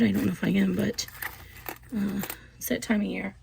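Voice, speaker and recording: A woman casually explaining a sewing project step by step, relaxed and chatty with frequent ums. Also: medium pitch, normal speed, vocal fry, pauses often, background noise. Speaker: sewing instructor. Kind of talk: casual craft tutorial.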